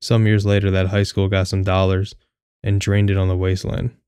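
Low flat-voiced young guy reading his own story, wry and kinda sweary, dry close sound. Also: moderate pace, clean tone, dry recording. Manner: candid, wry, casually profane. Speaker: audiobook narrator. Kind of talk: first-person story reading.

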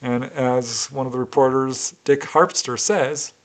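A man narrating a case in a measured, deliberate way, as a storytelling researcher. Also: medium pitch, steady tone.

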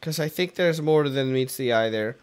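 A man's voice: mid-range voice, moderate pace, clear, resonant tone. A young man hosting a let's play, rambling jokily and self-deprecatingly as he plays. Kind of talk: casual gameplay commentary.

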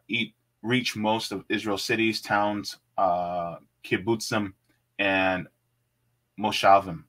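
A man's voice: fairly low pitch, fairly bright tone. A man hosting a casual livestream, chatting with viewers, reading web pages aloud and laughing easily. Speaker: livestream host.

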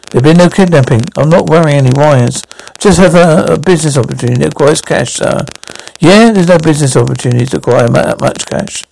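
Guy doing a fan audio drama solo, gravelly and kinda high voice, keeps tripping over words and restarting. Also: a little mellow, low-quality recording. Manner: halting delivery with frequent stumbles and restarts. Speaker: fan audio drama reader voicing all roles. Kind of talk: amateur radio-drama reading.

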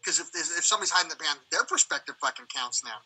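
A man's voice: fairly high pitch, quick pace, husky, rough recording. A man hosting a livestream in casual rambling chat, swearing often and acting out quoted exchanges. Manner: profane, animated, acts out quoted exchanges. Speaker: livestream host.

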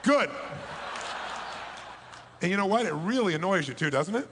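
Guy with a high voice pumping up a crowd, swings loud then soft, big echoey hall. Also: lively intonation, rapid-fire, slight background noise. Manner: emphatic, swings between loud bursts and hushed lows. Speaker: motivational speaker. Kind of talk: motivational seminar speech. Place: large hall before a live audience.

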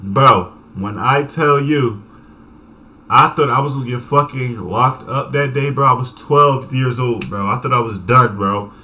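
A young man telling a story from his childhood in a casual, animated way, full of cursing and laughter. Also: medium pitch, unhurried. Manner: animated, profane, laughing, acts out voices. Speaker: vlogger.

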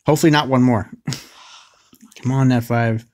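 A man's voice: medium pitch, fairly even intonation, measured pace, darkish tone. A man chatting casually while playing a mobile game, joking and eagerly cheering for good results. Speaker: co-host summoning for a viewer.

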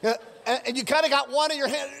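A middle-aged man preaching a sermon as pastor, animated and joking with the congregation. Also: very high-pitched, quick pace, creaky, slight background noise. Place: church sanctuary. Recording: live church sermon with long reverb.

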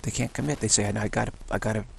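Racing along in a lowish, creaky voice with fairly even intonation, a spiritual teacher gives a casual monologue he recorded himself at home. He rambles, repeats things and chuckles, and there's slight background noise.

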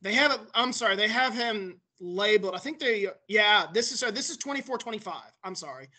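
High, bright-voiced man reading off stats. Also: lively intonation, brisk. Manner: matter-of-fact, reading off stats and lists. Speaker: podcast guest. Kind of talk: casual sports podcast chat.

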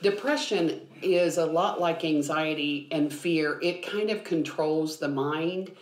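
A woman biblical counselor speaks slowly in a low voice during a podcast conversation, explaining things earnestly with frequent ums. The recording has a roomy echo.

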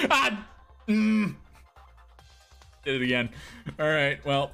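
A man streaming a game, swearing often, laughing and reacting loudly to what happens on screen. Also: a little high, big pitch swings, slow pace, vocal fry, pauses often, clean tone, faint music behind. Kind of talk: casual gameplay streaming.

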